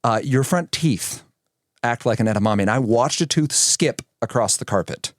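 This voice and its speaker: A man in his thirties, a podcast guest telling stories in a lively conversational way and acting out the voices he quotes. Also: mid-range voice, normal speed, dry recording, clean studio sound. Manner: animated, acts out quoted voices. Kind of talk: conversational storytelling.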